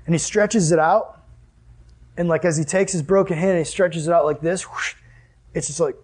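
A young man preaching a sermon as a youth pastor, animated, acting out scenes and asking the audience questions. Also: on the high side, moderate pace. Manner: animated, acts out scenes with sudden exclamations and laughs.

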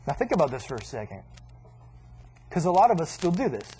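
A man preaching a sermon in a casual, animated way, acting out little asides as he teaches. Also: a little high, brisk, a little hiss or hum, poor audio.

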